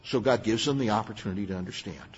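A man's voice: on the low side, fast, breathy edge. An older man preaching a sermon as a pastor, earnest and emphatic, with plain asides to his listeners. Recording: muffled, long hall reverb.

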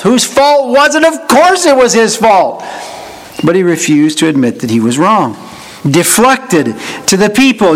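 A man's voice: high-pitched, very animated, unhurried, poor audio. A man preaching a sermon, with dry humor, who acts out the voices of people he quotes. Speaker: pastor.

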